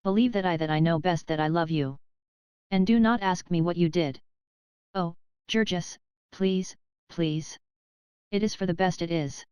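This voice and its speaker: Brief: desperate young wife, read by a woman, frantic broken pleading, very clear and dry. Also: on the low side, unhurried, pauses often, darkish tone, no room sound, lightly acted.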